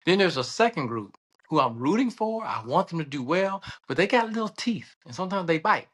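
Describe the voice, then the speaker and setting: A man with a Southern American accent, a guest telling stories in casual conversation, animated and laughing often as he acts out voices. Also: on the high side, a little fast, slightly rough. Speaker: podcast guest, surgeon and state senator.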